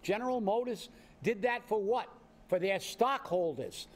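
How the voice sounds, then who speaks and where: Male co-host, high voice, indignant ranting commentary. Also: lively intonation, a little slow. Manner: indignant, ranting, rhetorical questions. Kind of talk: heated political commentary.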